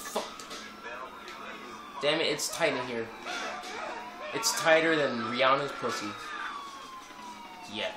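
A man's voice: mid-range voice, slow pace, pauses often. A young man giving casual, profane gameplay commentary, swearing and rambling as he plays. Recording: echoey room with game music behind.

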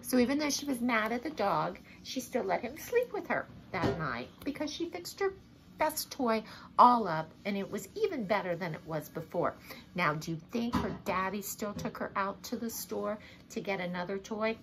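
A woman reading a picture book aloud to children, expressive and asking her listeners questions. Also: mid-range voice, moderate pace, noisy background. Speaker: storybook reader.

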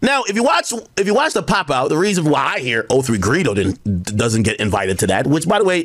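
A man's voice: mid-range voice, sing-song, a little fast, a bit bright, dry recording. A man talking on his own stream in a casual, rambling way, explaining gossip with quoted asides. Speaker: internet commentator in a played clip.

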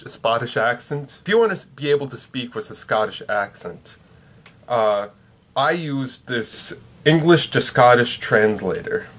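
A man's voice: mid-range voice, a bit bright. A young man hosting a comedic vlog, rambling and correcting himself as he goes. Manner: rambling, self-correcting, jokey. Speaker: vlogger.

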